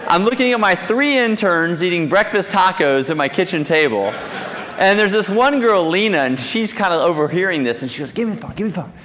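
A man telling an animated story on stage at a conference, acting out a phone call. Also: sits high, brisk. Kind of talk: live keynote storytelling. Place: conference stage in a large hall. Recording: long hall reverb from a live keynote.

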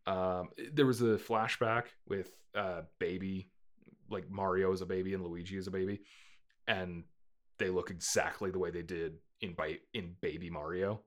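A man casually chatting as a podcast co-host, rambling with lots of fillers and breaking into playful squeaky character voices. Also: fairly even intonation, normal speed. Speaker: podcast co-host reviewing a movie. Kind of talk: casual chat.

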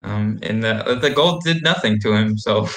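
Guest, male, lowish voice, halting and thinking aloud. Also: a bit bright. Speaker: podcast guest. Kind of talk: casual chat.

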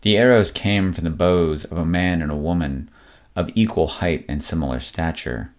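Man, extremely low bass voice, scripted story narration, measured, dramatic.

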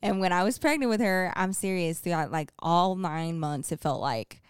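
A woman's voice: on the low side, expressive, normal speed, clean tone, no echo. A young adult woman co-hosting a podcast, chatting casually in a playful, teasing, emphatic way. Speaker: podcast co-host. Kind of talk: casual chat.

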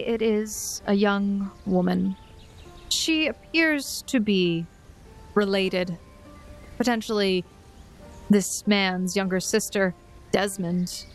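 Casting: woman game master, calm descriptive narration for a tabletop game, faint music behind. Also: mid-range voice. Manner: descriptive, unhurried, with soft laughs.

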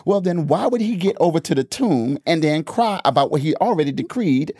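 Here a male podcast host moves from casual church talk into a sermon-like delivery, lively, laughing often and repeating phrases for emphasis. His voice is a little high, husky and fairly quick, with clean studio sound and no echo.

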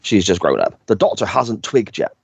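Low-voiced man in dry podcast chat. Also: big pitch swings, normal speed, vocal fry, husky, dry recording. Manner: chatty, laughs often, retells scenes with quoted lines. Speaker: podcast co-host. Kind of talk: casual chat recapping an episode.

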